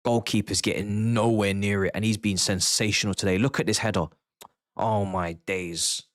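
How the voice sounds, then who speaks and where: A man hosting a live football watchalong, reacting in a slangy, excitable way, swinging between mumbled asides and shouted outbursts. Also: fairly low pitch, normal speed. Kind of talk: live match reaction commentary.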